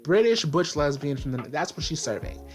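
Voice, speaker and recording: A man's voice: a little high, expressive, brisk, faint music behind. A man giving a casual video review, talking in a sassy, exasperated way and filling his speech with "like". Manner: sassy, filler-heavy, exasperated ranting. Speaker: TV show reviewer.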